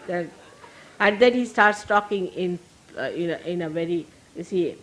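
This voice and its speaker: An older woman with an Indian accent, a spiritual teacher giving a gentle, humorous sermon to her followers. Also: lowish voice, animated, moderate pace, low-quality recording. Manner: gentle, humorous, laughing as she talks.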